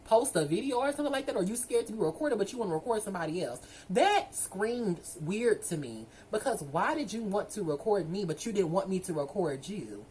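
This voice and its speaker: A woman, telling a story to her viewers in a sassy, animated way. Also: medium pitch, brisk, few pauses, a little hiss or hum, poor audio. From Southern United States. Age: 20s. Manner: sassy, animated, addresses listeners as girl and y'all. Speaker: vlogger. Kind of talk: casual storytime monologue.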